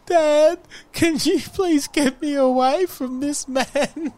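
A man's voice: extremely high pitch, takes it slowly, voice pushed up. A man doing a whiny little six-year-old boy. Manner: whiny, giggly, shouty.

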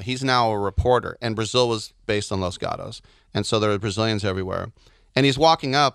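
A man co-hosting a podcast, telling animated stories in casual chat and slipping into silly voices. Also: lowish voice, brisk, creaky, smooth, no echo, studio quality. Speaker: podcast co-host.

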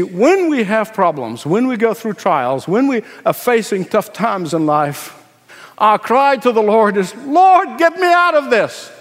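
A man with a high voice preaches a sermon, his words ringing with a long reverb through the hall. He repeats his phrases for emphasis and swings between quiet, low asides and loud, pleading cries. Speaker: pastor.

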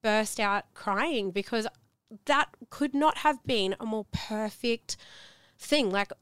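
A young woman, co-hosting a podcast and telling a personal story in casual, animated chat, swearing freely. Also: fairly high pitch, slow pace, smooth, dry recording. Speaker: podcast co-host.

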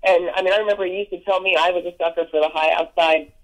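A man's voice: high-pitched, steady tone, quick pace, rough recording. A man being interviewed, talking keenly about a museum's programs and stories, often restarting his sentences. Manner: enthusiastic, stumbles and repeats words. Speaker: museum educator and guest. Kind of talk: casual interview.

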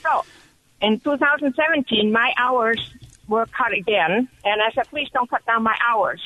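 A woman calling in to a radio show, telling her story with excited, animated energy over the telephone. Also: fairly high pitch, moderate pace, slight background noise. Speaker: caller. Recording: dull phone line.

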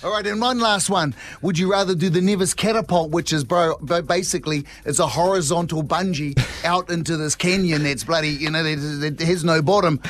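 A man's voice: a little high, fairly quick, hardly any pauses, fairly bright tone. A man co-hosting a breakfast radio show, teasing a guest with jokey banter and laughter. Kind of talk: joking breakfast radio chat.

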